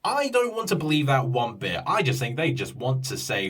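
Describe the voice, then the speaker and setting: A man's voice: medium pitch, huge pitch swings, moderate pace, few pauses, fairly bright tone, husky, recorded from a distance. A man telling a frustrated story in a casual vlog rant, stumbling and restarting as he swears about his ordeal. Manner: exasperated, swearing, many restarts and quoted voices.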